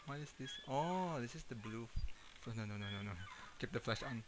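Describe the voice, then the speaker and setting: A man's voice: mid-range voice, expressive, fairly quick, background noise. A man streaming a horror game, jumpy and nervous, laughing and muttering to himself.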